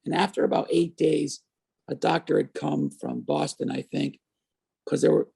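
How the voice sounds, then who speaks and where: A man in his fifties, a guest on an interview show, telling his story in a lively way and acting out the voices of people he quotes. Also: fairly high pitch, moderate pace, gravelly, breathy edge. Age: 50s.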